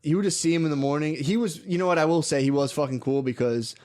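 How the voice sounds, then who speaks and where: A man's voice: on the high side, quick pace, darkish tone. A young man co-hosting a casual comedy podcast, telling a rambling, profane story and laughing through it. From United States. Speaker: podcast co-host.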